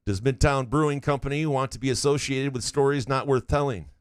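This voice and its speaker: A man in his forties runs through listener questions on a casual sports podcast, joking around and cursing freely. His voice sits at an ordinary middle pitch and sounds close and dry, with no room around it. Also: fairly quick, clean tone, dry recording. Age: 40s. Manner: reads listener questions aloud, joking and profane. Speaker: podcast co-host.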